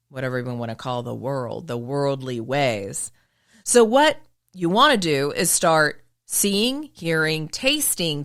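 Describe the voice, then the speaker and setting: Woman, low pitch, lively intonation, polished broadcaster voice, crisp enunciation, emphatic motivational host. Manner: emphatic, asks rhetorical questions and answers them. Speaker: podcast host and former news broadcaster. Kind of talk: motivational monologue.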